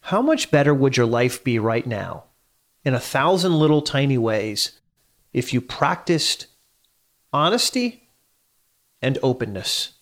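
A man's voice: mid-range voice, sing-song, a little slow, pauses often. A middle-aged man hosting a solo talk, speaking conversationally, asking listeners questions and repeating lines for emphasis. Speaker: podcast host.

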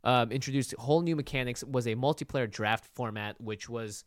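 A man's voice: mid-range voice, moderate pace, no room sound, clean studio sound. A man co-hosting a casual podcast chat, easygoing and agreeable, often laughing along. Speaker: podcast co-host.

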